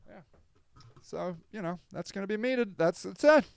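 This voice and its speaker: Brief: sardonic male podcaster, lively swinging pitch, smooth voice, dry close mic. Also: moderate pace, dry recording. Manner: rambling, sardonic, apologetic, swinging from loud to mumbled. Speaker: podcast host. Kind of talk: casual livestream podcast monologue.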